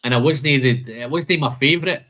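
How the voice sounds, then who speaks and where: A man's voice: medium pitch, brisk, pushed and bright. Chatty man tasting whisky. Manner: chatty, lists flavour notes, says "man" and "mate" a lot. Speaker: host of a live whisky tasting stream. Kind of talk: casual tasting chat.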